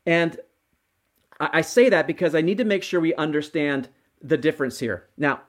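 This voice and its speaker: A middle-aged man preaches a sermon with a slightly high voice. He talks earnestly, restarts phrases and checks in with the congregation by asking "right?" again and again. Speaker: pastor.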